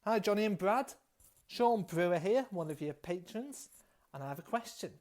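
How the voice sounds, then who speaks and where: A man's voice: sits high, lively intonation, normal speed, darkish tone. A man, a listener, asking a podcast a question in a polite, straightforward way. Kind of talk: recorded question.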